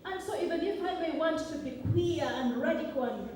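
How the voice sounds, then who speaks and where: A woman's voice: sits high, a little fast, noisy background. Young woman from Uganda, an academic giving a fiery speech. Recorded from far off in a big echoey hall. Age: young adult. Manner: rhetorical, emphatic, with frequent "okay?" asides. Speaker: academic speaker. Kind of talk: impassioned public speech.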